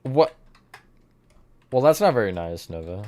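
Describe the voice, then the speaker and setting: A man with a lowish, somewhat mellow voice talks at normal speed during a live building stream. Chatting easily with his audience, he answers their messages while working and pokes fun at his own errors.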